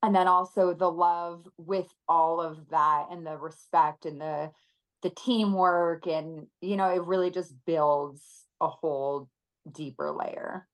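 A woman in her thirties talking earnestly and emotionally as a podcast guest, with many pauses and fillers. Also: on the low side, fairly even intonation, rough recording. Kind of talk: casual interview chat.

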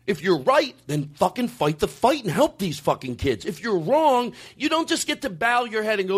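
A man hosting a podcast, delivering a comedic, profane rant in casual chat. His voice sits high for a man and swoops all over the place. He hammers his points home with heavy emphasis. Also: very animated, moderate pace, hardly any pauses, husky.

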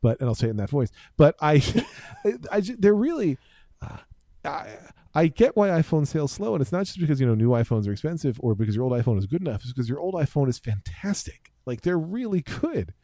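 Mellow-voiced man chatting casually. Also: a little high, big pitch swings, fairly quick, dry recording, studio quality. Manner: rambling, self-interrupting, jokey. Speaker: podcast co-host. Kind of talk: casual tech chat.

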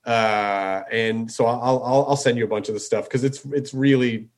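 A man's voice: mid-range voice, fairly even intonation, moderate pace. A man hosting a casual chat, enthusiastic and loose, with plenty of fillers and casual swearing. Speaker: podcast host.

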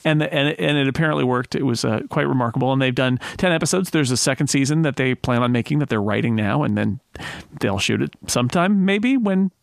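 A man hosting a casual panel podcast, chatty and quick to laugh, often correcting himself mid-sentence. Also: medium pitch, lively intonation, gravelly, dry recording. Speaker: podcast host.

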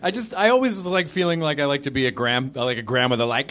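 A man hosting a comedy show, introducing acts in a halting, self-amused way. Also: medium pitch, fairly bright tone. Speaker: show host.

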